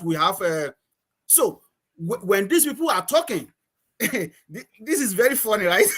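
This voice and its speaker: Guest, male, from Nigeria, high voice, rambling storyteller who restarts sentences and laughs a lot. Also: sharp tone. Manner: halting, repeats words, laughs often. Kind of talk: casual storytelling conversation.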